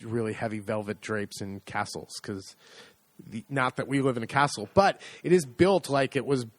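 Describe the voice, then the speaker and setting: A man's voice: mid-range voice, normal speed, dry recording. A middle-aged American man co-hosting a podcast in casual chat, joking in a dry, easygoing way. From United States. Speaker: podcast co-host.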